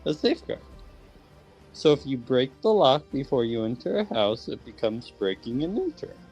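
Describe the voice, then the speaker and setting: A man in a tabletop game argues his point dryly, with a resigned, sighing manner. His pitch is middling. Faint music sits behind him. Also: very animated, moderate pace, darkish tone. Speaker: player. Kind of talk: casual arguing chat.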